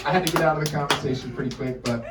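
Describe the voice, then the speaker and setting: A young American man doing stand-up in a bar, with profane, animated storytelling. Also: mid-range voice, racing, very noisy. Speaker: stand-up comedian. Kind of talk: stand-up set. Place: bar in front of a live audience. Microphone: distant room recording. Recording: echoey bar, distant mic, loud ambience.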